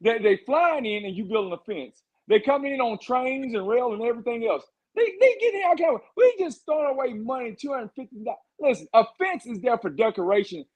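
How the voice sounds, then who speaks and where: Husky fired-up man. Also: extremely high pitch, animated, a little fast, few pauses, a little mellow, dull audio. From Texas. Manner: fired-up, rambling campaign talk. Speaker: candidate for governor, guest. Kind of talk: podcast interview.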